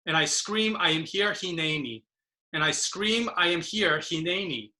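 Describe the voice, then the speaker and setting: Bright-voiced woman reading poetry passionately. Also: on the low side, unhurried. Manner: impassioned, emphatic declamation. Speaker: poet and presenter. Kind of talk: spoken-word poetry reading. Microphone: video call.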